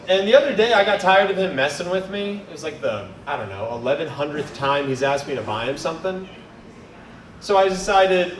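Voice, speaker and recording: A man's voice: fairly high pitch, expressive, fairly quick. A man performing a stand-up set, telling casual stories that build to crude punchlines. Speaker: stand-up comedian. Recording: echoey room, distant camera mic, noisy.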